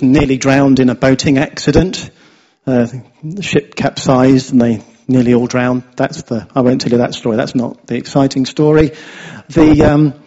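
A chatty English preacher with a slightly raised, husky voice, often checking in with his listeners. His sermon comes through a dull, lo-fi recording. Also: a little high, darkish tone. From England. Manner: chatty, often asks "yeah?". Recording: dull lo-fi sound.

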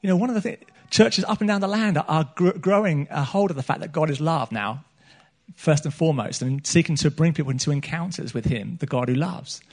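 This is a middle-aged man giving a sermon in a church meeting, speaking fairly quickly in a voice on the high side. Earnest throughout, he repeats himself and frequently restarts what he's saying.

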